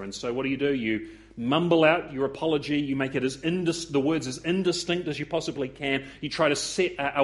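A man preaching a sermon, acting out the voices he quotes with lively swings. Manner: expressive, acts out quoted voices with rising pitch.

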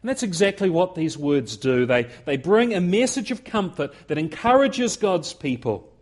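A man's voice: high voice, sing-song, moderate pace. A man preaching a sermon to his congregation in an earnest way, repeating key words and building emphasis.

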